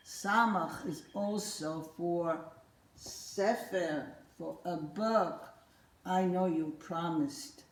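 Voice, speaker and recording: A woman's voice: lowish voice, extremely slow. An older woman teaching children their letters with a puppet, playful and coaxing, repeating words for them to say back. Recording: roomy echo.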